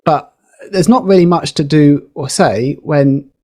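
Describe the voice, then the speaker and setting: A man on a podcast, explaining communication skills in a lively, teacherly way with a few fillers. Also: on the high side, a little slow. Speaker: podcast guest, communication educator. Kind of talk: explaining, casual podcast chat.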